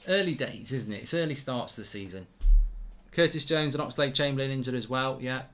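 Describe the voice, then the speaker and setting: A man hosting a live football watchalong, talking to his viewers in a loose, rambling way. His voice is bright and forceful, sitting in a middle pitch. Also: brisk, soft background music. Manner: chatty, rambling, talks to chat viewers. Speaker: host.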